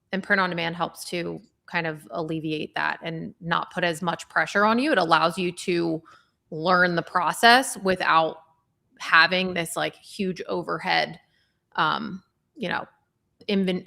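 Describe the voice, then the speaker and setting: Young woman on a livestream, lowish voice w/ lots of vocal fry, chatty, says um a lot. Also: fairly even intonation, measured pace, bright, forceful tone. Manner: conversational with frequent fillers. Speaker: livestream co-host. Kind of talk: casual livestream chat.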